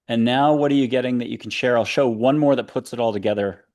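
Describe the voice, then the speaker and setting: A man hosts a spiritual talk show, leading guests and listeners through breathing and visualizations. He is playful and coaxing, slipping in dad jokes between calm guidance. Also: medium pitch, fast talker, few pauses. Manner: playful, jokey, coaxing guide. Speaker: show host. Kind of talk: guided meditation talk show.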